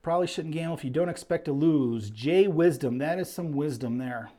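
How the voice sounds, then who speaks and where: Brisk and dark-toned, with a voice that runs a little high, this man hosts a casual live stream. He calls the action while playing, chats, reads viewer names aloud, and sounds slightly out of breath.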